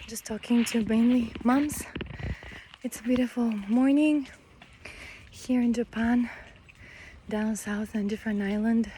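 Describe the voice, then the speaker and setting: A woman's voice: mid-range voice, mellow, slight background noise. A mother talking casually to her viewers while pushing a stroller along a country road, a little out of breath and rambling with many fillers. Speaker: vlogger, mother of five. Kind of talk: casual vlog talk while walking.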